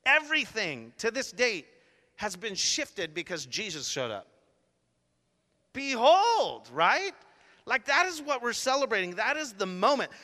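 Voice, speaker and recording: A man's voice: very high-pitched, bright, forceful tone, long reverb tail. A middle-aged man preaching a sermon, telling a chatty story with playful asides. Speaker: pastor.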